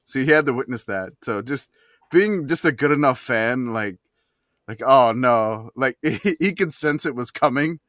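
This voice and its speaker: A man's voice: mid-range voice, normal speed, a bit bright, no room sound, clean studio sound. A man co-hosting a casual sports podcast, rambling with many restarts. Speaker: podcast co-host.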